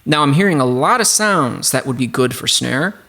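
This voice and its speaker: A man's voice: mid-range voice, lively intonation, moderate pace, vocal fry. A man hosting a casual music production tutorial hangout, rambling with lots of fillers and asides. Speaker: host. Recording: loud music underneath. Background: loud music.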